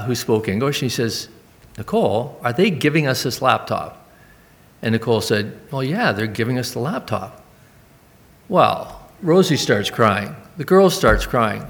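A man's voice: mid-range voice, fairly bright tone. A man in his forties, a church member, telling a personal mission-trip testimony in earnest, rambling anecdotes with asides.

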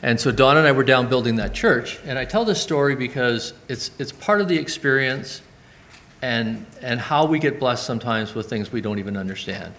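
A man's voice: medium pitch, lively intonation, moderate pace, fairly bright tone. A man in his forties, a church member, telling a personal mission-trip testimony in earnest, rambling anecdotes with asides.

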